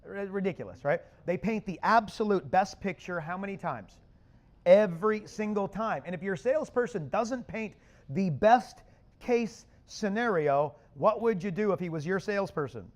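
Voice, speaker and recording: A man presenting a live business seminar to an audience, loud, punchy and casual with slang. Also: high-pitched, expressive, normal speed. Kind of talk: energetic live seminar talk. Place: conference room with an audience.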